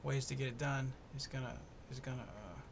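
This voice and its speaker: A man's voice: mid-range voice, steady tone, a little fast, vocal fry, background noise. A young man hosting his own podcast, talking in a laid-back, profane, rambling and jokey way. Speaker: podcast host. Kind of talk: casual solo fight-prediction podcast. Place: home in the US East Coast.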